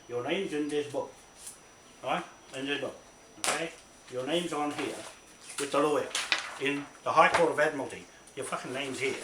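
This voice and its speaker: A man ranting into his own camera, swearing, repeating himself and tagging his points with "right?". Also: fairly high pitch. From New Zealand. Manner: angry, profane, repetitive, keeps asking "right?". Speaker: self-recorded complainant. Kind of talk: ranting self-made video. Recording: echoey room with faint noise.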